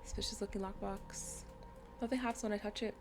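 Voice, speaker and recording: Chatty woman gamer with vocal fry. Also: mid-range voice, fairly even intonation, a little fast, music in the background. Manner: chatty, reads item text aloud. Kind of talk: casual let's-play commentary.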